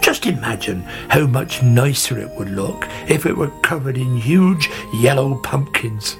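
A man's voice: medium pitch, lively intonation, measured pace. A man voicing a fussy, conceited old male gardener with grumbling exclamations, over background music. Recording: music playing under the voice.

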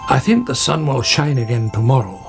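A gruff male badger from a storybook, voiced by a man, who grumbles and mutters. The voice is gravelly and a little low, with music behind it. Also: a little fast, close to an everyday voice. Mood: grumbling.

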